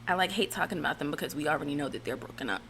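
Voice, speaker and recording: A woman's voice: deep voice, animated, very fast, a bit bright, a little hiss or hum. A woman giving casual, blunt and profane reality TV recap commentary, rambling with fillers and restarts.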